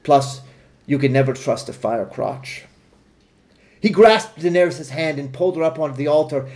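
Podcast co-host, deadpan comic narrator, slightly high voice. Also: male voice. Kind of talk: comic fan-fiction narration.

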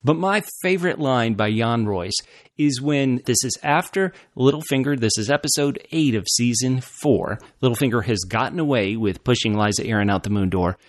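A man co-hosting a casual fan discussion show, animated and laughing often, restarting his phrases as he talks. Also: mid-range voice, moderate pace, no echo, clean studio sound. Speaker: podcast co-host.

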